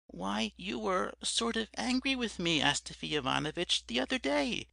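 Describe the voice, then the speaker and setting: A man's voice: high-pitched, animated, normal speed, gravelly, pushed and bright, no echo, voice pushed up, heavily acted. A man voicing a meek, broken-down drunken man who talks in a timid, apologetic, pleading way.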